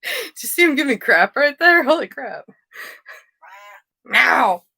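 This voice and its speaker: A woman's voice: sits high, sing-song, moderate pace, pushed and bright, no room sound, low-quality recording. A woman giving a casual live tarot reading, rambling and easily sidetracked. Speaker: tarot reader.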